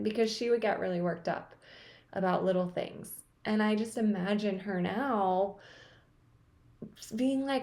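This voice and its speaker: Woman talking softly to camera, kinda emotional, lots of likes and pauses. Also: medium pitch. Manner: soft, thoughtful, with frequent fillers. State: a little emotional. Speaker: host. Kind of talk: reflective personal talk to camera.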